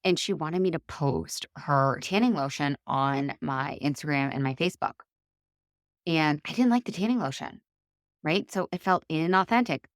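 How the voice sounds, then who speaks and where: A woman in her thirties hosting a solo coaching podcast, chatty and animated, acting out the voices in her stories. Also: low voice, no echo, clean studio sound. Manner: chatty, animated, acts out quoted dialogue. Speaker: podcast host and life coach.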